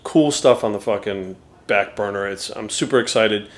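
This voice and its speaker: A young man chatting casually in a vlog, cursing often and getting excitable. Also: on the low side, moderate pace. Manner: profane and excitable, talks baby talk to his dog. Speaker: bodybuilding coach and vlogger.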